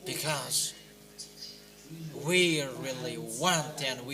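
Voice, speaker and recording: A man with a high voice preaches slowly and deliberately, exhorting his listeners. His commands swell loud and emphatic, then sink back to low, quieter lines. Music plays clearly behind him the whole time. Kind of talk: sermon.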